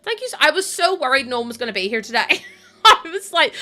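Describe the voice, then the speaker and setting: A woman with a Northern Irish accent chatting fast with her stream audience, tired and laughing often. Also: sits high, big pitch swings, sharp tone. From Northern Ireland. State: tired from lack of sleep. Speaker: live streamer. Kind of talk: casual chat with a stream audience.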